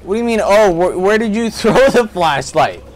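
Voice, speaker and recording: A young man hosting a casual gaming session with friends over voice chat, animated and yelping at jump scares. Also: high voice, normal speed, slight background noise. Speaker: gaming host.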